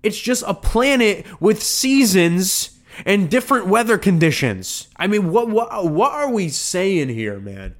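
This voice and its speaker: A man's voice: high-pitched, big pitch swings, measured pace. A man hosting a podcast, ranting in a sarcastic, heated and repetitive way. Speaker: podcast host. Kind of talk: ranting commentary.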